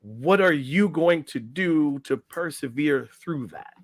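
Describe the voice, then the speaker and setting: A man's voice: on the high side, lively intonation, slow pace, dry recording, clean studio sound. A middle-aged man, a podcast guest and life coach, telling a story casually and acting out the quotes, often tagging lines with "right?".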